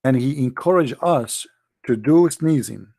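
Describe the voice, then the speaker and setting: Gravelly man with a mocking tone. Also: mid-range voice, lively intonation, measured pace, warm tone, no room sound, clean studio sound. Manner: mocking, theatrical, with mock sneezes and sung lines. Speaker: online religious commentator. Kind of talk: sarcastic monologue.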